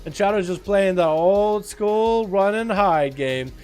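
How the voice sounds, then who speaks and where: A young man with an American accent, Russian by birth and first language, hosting a live game stream with quick, excitable play-by-play and frequent laughs. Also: high voice, clear, resonant tone, soft background music. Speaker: livestream host. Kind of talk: live game commentary and chat. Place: hot home room.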